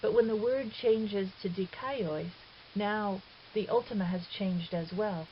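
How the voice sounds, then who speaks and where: A woman's voice: mid-range voice, unhurried. A woman teaching a recorded grammar lesson, explaining step by step in a patient, methodical way. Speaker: Greek teacher. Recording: dull lo-fi audio with faint hiss.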